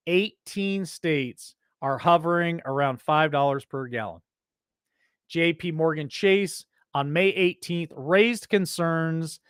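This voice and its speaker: A man's voice: on the high side, clear, resonant tone, dry recording, clean studio sound. A man hosting an opinion show, reading news headlines aloud and breaking off into heated, indignant commentary. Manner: reads headlines then breaks off into loud indignant rants.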